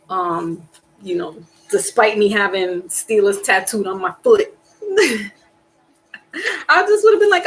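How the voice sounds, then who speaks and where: A woman chats casually on her live stream in an animated, rambling way. Her talk is slangy and emphatic, her pitch sits mid-range, and she often breaks into a sigh or a laugh. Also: a little slow, pauses often, rough recording. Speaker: tarot reader and live stream host.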